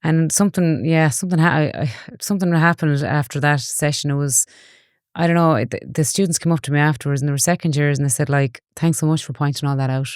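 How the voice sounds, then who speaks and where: Brief: Galway Irish woman, forties, rapid and chatty guest, smooth clear voice, dry close sound. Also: sits low, fairly even intonation, no echo. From Ireland. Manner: chatty storyteller, earnest. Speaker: guest, online safety educator. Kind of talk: casual interview chat.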